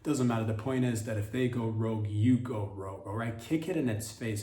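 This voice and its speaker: A man's voice: on the low side, brisk, few pauses, warm tone, echoey room, far from the mic. A man hosting a comedy podcast, riffing in an absurd, rambling monologue and often correcting himself mid-sentence. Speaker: podcast host.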